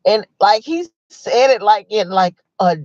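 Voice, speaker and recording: A livestream host talking in a slow, unhurried way, animated and exclamatory, breaking into laughter as they retell what others said. The voice is mid-pitched and sits dry and close, with a slightly dull, lo-fi sound. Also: dry recording. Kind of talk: casual livestream commentary.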